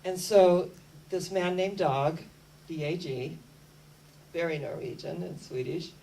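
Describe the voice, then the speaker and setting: A woman speaking to an audience, telling a story as a lively storyteller who keeps coming back to energy and spirit. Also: on the low side, takes it slowly, distant mic, low-quality recording. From United States. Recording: voice a bit off mic with faint hum.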